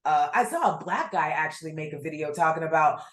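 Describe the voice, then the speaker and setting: A woman co-hosting a casual podcast, blunt and animated, swearing freely as she rants. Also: sits low, brisk, roomy sound. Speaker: podcast co-host.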